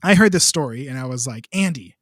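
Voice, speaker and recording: A man's voice: medium pitch, animated, brisk, no echo, clean studio sound. Chatty young man telling a story. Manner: chatty, rambling, many filler words. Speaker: composer, podcast guest. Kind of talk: casual storytelling.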